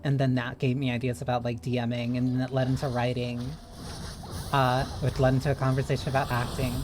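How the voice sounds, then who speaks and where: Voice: mid-range voice, little pitch movement, a little fast, background noise. A streamer chatting casually while playing a game, rambling loosely from one thought to the next.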